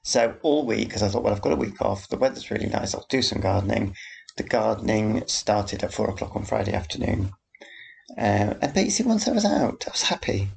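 A man's voice: lowish voice, very animated, brisk, a little mellow. A man hosting a casual solo podcast, rambling and chatty with a self-deprecating manner. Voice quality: gravelly. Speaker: podcast host. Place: home, background noise heard.

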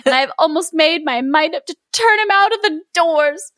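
A woman's voice: very high voice, moderate pace, fairly bright tone, no room sound, voice pushed up. A woman voicing a poor, dramatic mother who scolds her idle son in exasperation. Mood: exasperated.

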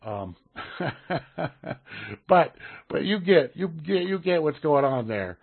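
A man with a husky, somewhat high voice talks in a casual podcast chat, halting and repeating words as he searches for what to say. The sound is tinny and narrow, like a phone line. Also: very animated. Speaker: podcast co-host.

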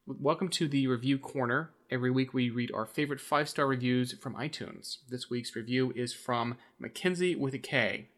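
A man hosting a podcast, reading out listener reviews and the sign-off in a brisk announcing way. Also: medium pitch, a bit bright. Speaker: podcast host.

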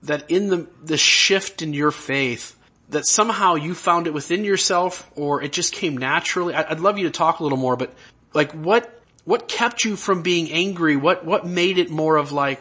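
Bright husky-voiced male podcast host. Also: on the high side. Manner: earnest, halting, searching for words. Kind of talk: conversational interview.

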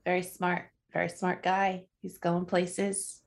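A woman on a podcast panel talks slowly, her voice carrying a gravelly fry. She is chatty and laughs often. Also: fairly low pitch, completely flat delivery. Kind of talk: casual panel chat.

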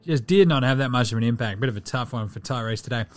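A man's voice: medium pitch, quick pace, faint music behind. A man hosting a casual sports podcast, running through game stats with an irreverent, sweary, joking manner. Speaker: podcast host.

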